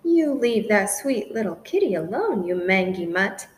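A woman's voice: mid-range voice, big pitch swings, unhurried, a little hiss or hum. A woman voicing a mean, grumpy male pound supervisor in a storybook reading. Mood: threatening. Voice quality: gruff, threatening.

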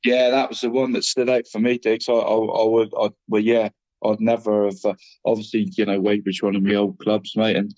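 A man's voice: fairly low pitch, flat delivery, fairly quick, darkish tone, no room sound, highs cut off. A middle-aged man co-hosting a football show, rambling and putting "mate" after every phrase. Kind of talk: casual football chat.

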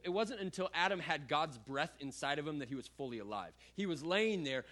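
Male pastor, middle-aged, slightly high voice, animated sermon delivery with scripture reading and casual asides. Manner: animated preacher, repeats words, conversational asides.

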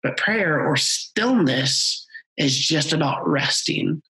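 A man's voice: a little high, expressive, slow, pushed and bright, rough recording. A man hosting a podcast interview, talking in an earnest, reflective way. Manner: earnest, reflective, sometimes playful. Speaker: podcast host. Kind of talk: conversational interview.

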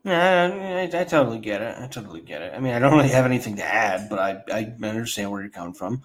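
A man hosting a podcast, chatting in a calm, soft-spoken and agreeable way. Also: medium pitch, fast talker. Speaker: podcast host. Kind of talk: casual podcast chat.

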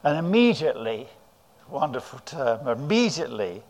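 A man's voice: mid-range voice, very animated, moderate pace, a little mellow. A man with an English accent preaching a sermon, telling the story dramatically and voicing the disciples' cries.

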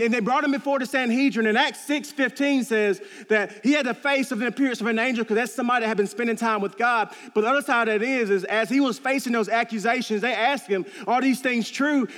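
A man's voice: extremely high pitch, quick pace, fairly bright tone, long reverb tail. A man preaching a sermon in a church, earnest and storytelling, repeating key phrases for emphasis. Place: church sanctuary.

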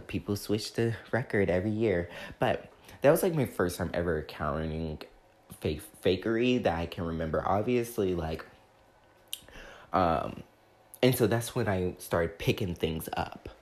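A man's voice: deep voice, a little mellow. A young man vlogging, telling a personal story in a chatty, dramatic way, full of filler words. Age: young adult. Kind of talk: casual storytelling to camera.

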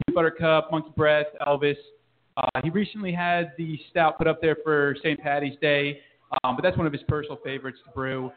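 Standing at the brewery bar, a man who works there walks through its beers casually, his highish voice flat and fairly quick, with lots of hesitant fillers. It's recorded with a thin, phone-like quality.

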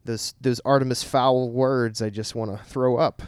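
A man's voice: medium pitch, steady tone, normal speed, a little mellow, clean tone, dry recording, studio quality. A young man co-hosting a podcast, chatting casually in a rambling, joking way. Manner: rambling, laughing, self-deprecating. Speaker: podcast co-host. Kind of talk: casual chat.

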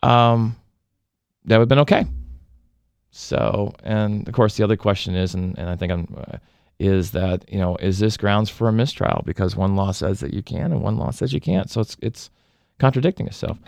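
A man's voice: lowish voice, moderate pace, vocal fry, a little mellow, dry recording. A man hosting a call-in talk radio show, rambling with many restarts and fillers.

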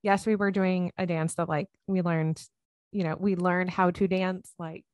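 A woman's voice: lowish voice, steady tone, a little slow, darkish tone, dry recording, clean studio sound. A woman co-hosting a podcast, telling stories in a casual, chatty way with many fillers and acted-out quotes. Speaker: podcast co-host. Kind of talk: casual chat.

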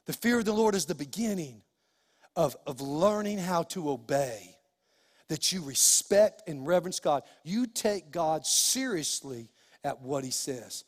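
A man's voice: a little high, animated, a little slow. A middle-aged man preaching a sermon as pastor, emphatic and repetitive with folksy asides. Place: church sanctuary. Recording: long church hall reverb.

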